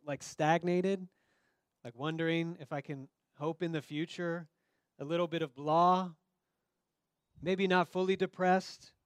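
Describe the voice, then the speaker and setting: Speaking in a fairly high voice, this pastor delivers his sermon like a conversation, addressing the audience head-on and performing the voices of the characters in his story. The recording is dry, with a clean tone and crisp studio sound.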